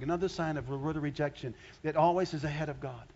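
A man's voice: on the high side, quick pace, hardly any pauses, a little mellow, highs cut off. An older man preaching a sermon in a conversational way, often rising into emphatic bursts. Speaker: pastor.

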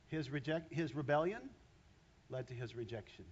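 A man's voice: mid-range voice, normal speed, long pauses, lo-fi sound, slight background noise. A man preaching a sermon in a church, talking straight to his congregation and drawing them in. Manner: animated, talks straight to the congregation.

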